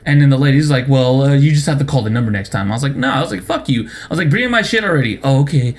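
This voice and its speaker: A man's voice: mid-range voice, racing, a little mellow. A young man co-hosting a casual chat, ranting in a profane, exasperated way and acting out the other people in his story. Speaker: podcast co-host.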